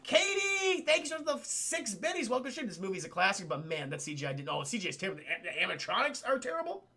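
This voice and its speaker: A man streaming a profane film recap to his chat, animated and acting out characters in goofy voices. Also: sits high, fast talker.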